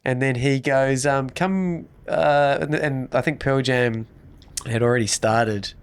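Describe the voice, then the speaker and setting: A man's voice: medium pitch, slow, clean tone. A man co-hosting a podcast, telling a long anecdote in casual chat and acting out the lines of the people in it. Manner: lively storyteller acting out quoted dialogue. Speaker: podcast co-host.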